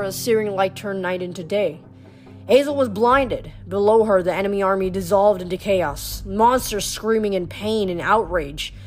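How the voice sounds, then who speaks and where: A woman reads a fantasy novel aloud in a steady, lightly dramatic narrating voice. Her pitch sits in a plain middle range. Faint music plays quietly behind her. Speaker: audiobook reader. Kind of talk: storybook reading.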